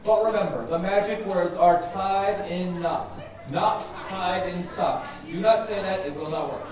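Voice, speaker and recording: A man's voice: high voice, a little slow. A man performing as a children's magician at a live orchard show, playful and chanting, with mock surprise. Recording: distant, echoey, with music and crowd.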